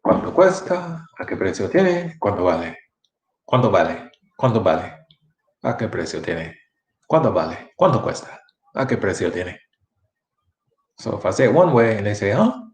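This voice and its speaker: A man's voice: low-pitched, lively intonation, moderate pace, pauses often, roomy sound, low-quality recording. A man teaching a live-streamed Spanish lesson, chatty and repeating each phrase many times for practice.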